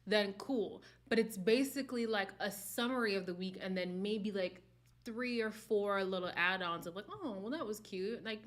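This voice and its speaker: A woman's voice: on the high side, pushed and bright. A young woman hosting a live stream, chatting casually and candidly with viewers and laughing often. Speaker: host of a live reality-show chat stream.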